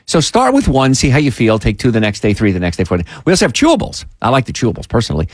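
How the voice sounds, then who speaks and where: A man with a medium-pitched voice races through his call-in health radio show, speaking into a studio mic with no room sound. His style is emphatic and animated, punctuated by pleading asides.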